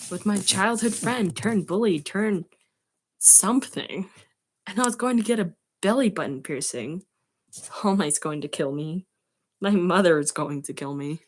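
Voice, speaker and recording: A woman streaming, reading fan fiction aloud and giggling between passages. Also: fairly low pitch. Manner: giggly, breaks off to comment.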